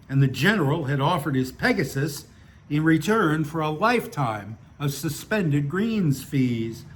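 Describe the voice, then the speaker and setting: A man with a somewhat high voice talks in a loose, opinionated way, then reads his stories with the same dry wit. His delivery is wry and a little grumbling, with jokes landing deadpan. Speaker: author reading his own stories. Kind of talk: casual monologue and story reading.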